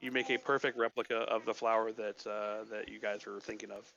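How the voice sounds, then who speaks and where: A man's voice: fairly low pitch, flat delivery, brisk, gravelly, bright, forceful tone, lo-fi sound, a little hiss or hum. A man narrating as game master of a tabletop game, hesitant with many fillers.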